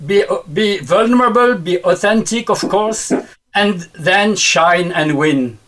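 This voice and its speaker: High-pitched Frenchman, emphatic panel guest. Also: takes it slowly, fairly bright tone. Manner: emphatic, repeats words for stress.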